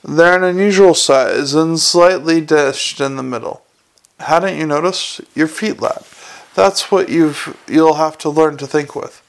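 A man voices a dry, no-nonsense middle-aged watch commander. He speaks briskly, with gravelly texture and a slightly raised pitch. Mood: wry brisk.

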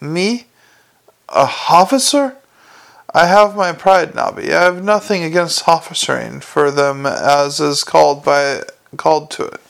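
This is a self-important old city watch sergeant, put on by a man, with a rambling, folksy way of lecturing. The voice sits a little high and carries a gravelly edge. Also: moderate pace, a bit bright. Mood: proud. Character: aging male city watch sergeant, pompous, set in his ways.

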